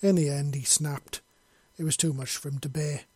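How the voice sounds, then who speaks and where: A man's voice: fairly high pitch, steady tone, normal speed, darkish tone, husky, dry recording. A man reading a long fantasy story aloud in an unpolished way, with slips and self-corrections. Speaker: story reader. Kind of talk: reading his own fiction aloud.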